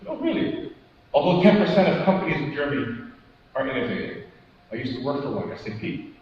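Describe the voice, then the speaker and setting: A man giving a motivational keynote talk at a conference, animated, putting questions to the audience and acting out quotes. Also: medium pitch, fast, a little hiss or hum. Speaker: keynote speaker. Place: large conference hall. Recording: echoey hall, distant mic, dull sound.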